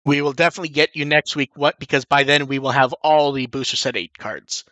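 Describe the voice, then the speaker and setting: Upbeat, bright-voiced man hosting a podcast. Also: medium pitch, fairly even intonation, fairly quick, dry recording. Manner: rambling, self-correcting, reads out listener questions. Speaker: podcast co-host answering listener questions. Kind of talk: casual podcast chat.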